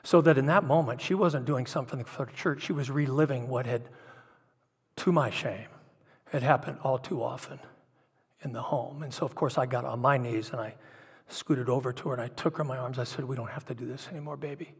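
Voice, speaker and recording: A man's voice: mid-range voice, fairly even intonation, fairly quick, husky. A middle-aged man preaching a sermon, telling personal stories in an earnest, confessional way. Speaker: pastor. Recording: long hall reverb.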